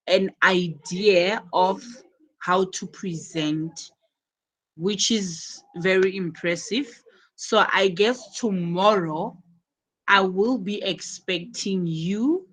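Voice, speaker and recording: A woman teaching an English class, slow and encouraging, often repeating her words. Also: mid-range voice, fairly bright tone, rough recording.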